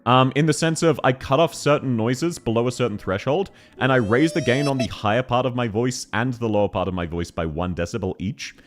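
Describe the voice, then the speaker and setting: A man streaming a game live, chatting excitedly with viewers and giggling often. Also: medium pitch, a little fast, hardly any pauses. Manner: excitable, giggly, reacts to chat messages.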